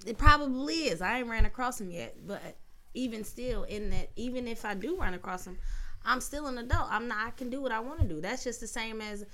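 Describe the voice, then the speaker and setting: A woman's voice: on the high side, a little fast, bright, forceful tone. A woman in casual chat, giving blunt, firm opinions.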